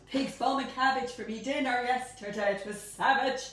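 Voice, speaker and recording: Middle-aged woman, bubbly home baking host, high voice; phone mic at a distance in an echoey kitchen. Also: normal speed, hardly any pauses, a little hiss or hum. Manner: bubbly, chatty and animated. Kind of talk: live-streamed cooking demonstration. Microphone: phone camera held by a helper at a distance.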